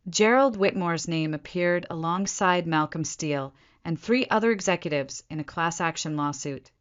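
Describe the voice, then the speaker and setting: A woman narrating a scripted first-person drama story in measured, dramatic short phrases. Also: on the low side, highs cut off.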